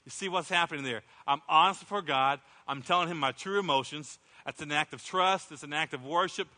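A man's voice: a little high, fairly quick, bright, forceful tone. A middle-aged man preaching a sermon as pastor, impassioned, acting out prayers in a raised voice. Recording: long hall reverb.

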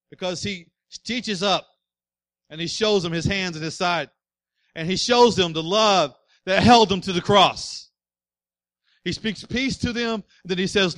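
A male pastor delivering a sermon, emphatic, swinging between loud urging and quiet, slow passages. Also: sits high, dry recording.

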